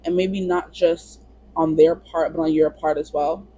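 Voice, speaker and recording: A woman's voice: low-pitched, little pitch movement, unhurried, warm tone, slight background noise, low-quality recording. A woman giving a casual pick-a-card tarot reading in a chatty, rambling way. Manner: chatty, rambling, lots of "you know". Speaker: tarot reader.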